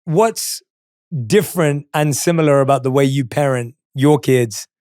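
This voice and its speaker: A man's voice: medium pitch, a little slow, darkish tone, clear, resonant tone. A male podcast host asking questions, enthusiastic and laughing often. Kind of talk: interview conversation. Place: podcast studio.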